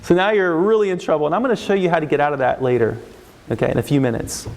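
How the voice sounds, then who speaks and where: Animated male counselor in an echoing hall. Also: a little high, very fast, vocal fry. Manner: animated, acts out parents and kids in raised voices. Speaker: counselor giving a parenting talk. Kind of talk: live workshop talk to an audience. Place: large hall with live audience. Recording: long reverb of a large hall.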